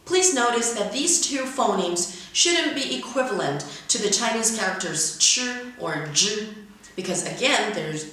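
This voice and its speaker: With a mid-range voice and a sharp tone, the teacher carefully works through English pronunciation word by word, reading examples aloud. The mic is far off in a very echoey room.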